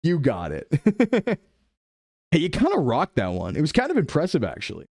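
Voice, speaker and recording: A young man streams a game live, his fairly high voice bouncing all over the place. He chats playfully and thinks his guesses out loud. The sound is dry and close. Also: huge pitch swings, normal speed, vocal fry, no room sound. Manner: chatty, playful, reacts to chat while guessing aloud. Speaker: VTuber streamer. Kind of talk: live-stream gameplay commentary.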